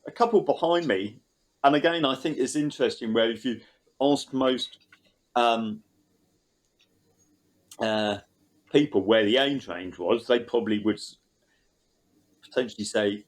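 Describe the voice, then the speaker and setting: A man's voice: mid-range voice, a little slow, pauses often, poor audio. Man telling a rambling anecdote. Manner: rambling anecdotal storytelling, quoting people. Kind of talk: casual interview conversation.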